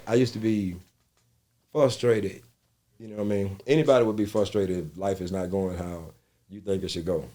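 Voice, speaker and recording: A middle-aged male comedian with a fairly low voice tells stories in an easy, profane way. He talks casually and reflectively, sprinkling in slang and asides to the listener. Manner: animated, profane storytelling that jumps into loud high quoted voices. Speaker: comedian interviewee. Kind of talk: casual storytelling interview.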